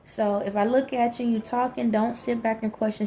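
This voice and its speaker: A woman's voice: a little high, fairly even intonation, normal speed, warm tone, a little hiss or hum. A woman talking frankly and emphatically in a casual monologue, with many fillers. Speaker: vlogger.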